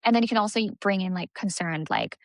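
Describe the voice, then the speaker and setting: Speaking quickly on the low side, with no room sound, this young woman coaches aesthetics businesses in a relaxed teaching talk. She's chatty, leans on "like" constantly, and performs what clients might say.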